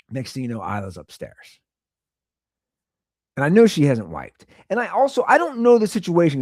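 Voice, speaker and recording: Animated man telling a rambling dad story. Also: fairly high pitch, dry recording, studio quality. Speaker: podcast host; father of two young girls. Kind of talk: casual storytelling monologue.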